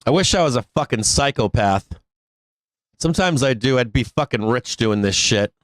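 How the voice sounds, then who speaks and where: A man's voice: mid-range voice, lively intonation, normal speed, no room sound. A middle-aged man hosting a live trading stream, ranting bluntly and sarcastically with plenty of swearing. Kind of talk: casual live-stream rant.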